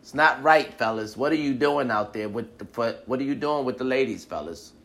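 A man's voice: medium pitch, fairly quick, fairly bright tone. A man delivering a profane comedic rant straight to the listener, acting out both sides of a date as he goes.

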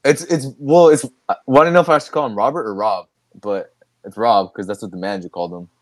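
On a dry recording, a young podcast host talks at a quick pace in a lowish voice. His casual chat wanders, full of restarts and frequent laughter.

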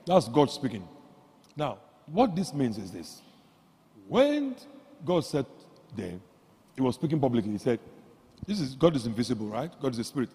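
A man preaching a sermon, swinging from quiet asides to loud exclamations and leading the congregation in call-and-response. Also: normal speed, long pauses, husky. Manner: animated, jumps from low asides to loud exclamations. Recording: long hall reverb.

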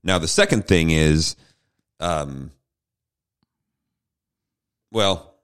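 A man with a low voice hosting a relaxed Bible talk show. He moves the conversation along and drops dry, wry jokes along the way. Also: very slow, clean tone. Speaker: podcast co-host. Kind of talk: casual Bible discussion chat.

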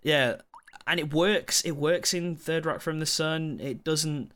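A man's voice: fairly high pitch, unhurried, fairly bright tone. A man co-hosting a casual film review chat, blunt and swearing freely. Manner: blunt, swearing, laughing asides. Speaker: podcast co-host.

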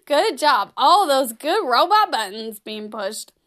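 Bright, playful woman hosting a children's lesson. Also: sits high, big pitch swings, takes it slowly. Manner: gentle, playful and encouraging, laughs often. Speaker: children's program host. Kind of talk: children's lesson with song and breathing game.

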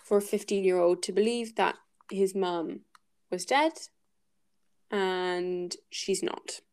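A woman's voice: medium pitch, slow pace, darkish tone, clean tone. A woman hosting a casual book-club podcast, thinking aloud and hesitating with many fillers as she talks through a chapter.

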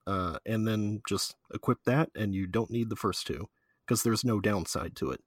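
A man's voice: lowish voice, normal speed, no room sound, clean studio sound. A man chatting casually about a video game, rambling with lots of fillers and frequent laughs. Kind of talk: casual chat.

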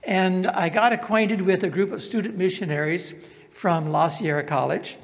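An older man with a Southern US accent tells his testimony, now and then turning to ask his listeners a question. His voice is a bit high for a man and gravelly. The sound carries a long hall reverb. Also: normal speed. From American South. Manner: storytelling, asks the audience questions. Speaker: speaker giving a testimony. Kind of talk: personal testimony talk.

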